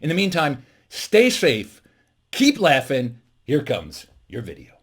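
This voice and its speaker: A man hosts a comedy-from-home segment, telling nerdy jokes to camera and laughing at his own punchlines. He is animated and uses many fillers, speaking slowly in a fairly high voice with a breathy edge.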